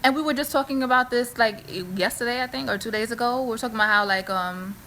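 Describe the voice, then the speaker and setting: A woman's voice: fairly high pitch, fairly even intonation, fast, sharp tone, slight background noise. A young woman from New City, hosting a casual chat and thinking aloud as she talks. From New York City. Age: young adult. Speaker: host.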